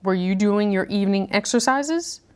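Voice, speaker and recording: A woman's voice: medium pitch, normal speed, clear, resonant tone, close to an everyday voice. A woman voicing a stiff, grumbling old military colonel in a read-aloud mystery story. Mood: gruff.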